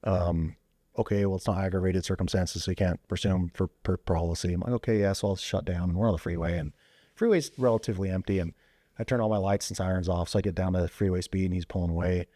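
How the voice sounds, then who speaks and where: With a deep, warm voice, fairly even intonation, and a quick pace, a veteran and former police officer casually narrates a story as a podcast guest. His loose talk is full of fillers like "you know" and "like," and he voices quoted dialogue with sudden jumps. There's no room sound.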